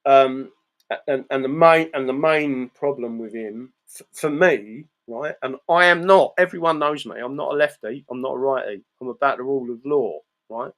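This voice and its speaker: A man's voice: medium pitch, moderate pace. An English man hosting a live stream, talking bluntly, swearing and tagging his lines with "right?". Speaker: channel host reading live chat. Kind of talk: casual live-stream monologue.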